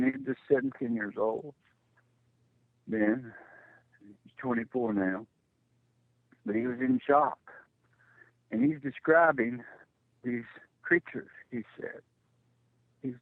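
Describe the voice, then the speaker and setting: A middle-aged man telling a personal story as a radio guest, halting and repeating words when it gets tense. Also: mid-range voice, expressive, no echo. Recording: tinny phone line, dry.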